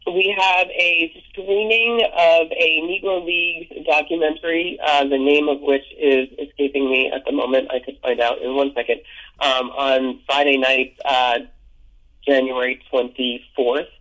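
A man with a mid-range voice and little pitch movement speaks at a measured pace in a sharp tone, and the audio quality is poor. He's a museum educator being interviewed casually, talking keenly about the museum's programs and stories while stumbling, repeating words, and restarting sentences.

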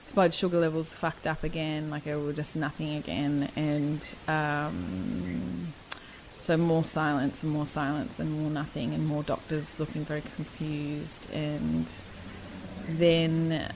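A woman's voice: deep voice, fairly even intonation, measured pace, a little mellow, a little hiss or hum, poor audio. A young woman telling a personal story in a candid, casual chat, speaking frankly, swearing freely and laughing between lines.

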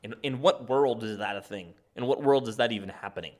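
A man's voice: mid-range voice, brisk, a little mellow. A man giving opinion commentary in a sarcastic, rambling way, chuckling often. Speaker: political commentator.

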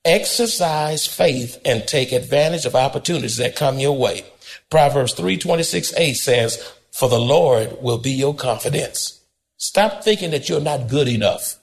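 A man preaching a sermon as pastor, folksy and direct with the congregation, swinging between high and low and sometimes shouting. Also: animated, a little slow.

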